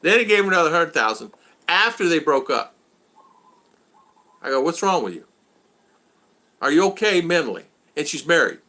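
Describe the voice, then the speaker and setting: Animated, bright-voiced older man chatting. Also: on the high side, moderate pace, long pauses. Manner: animated, acts out exasperated quotes. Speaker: vlog host. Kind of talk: casual chat.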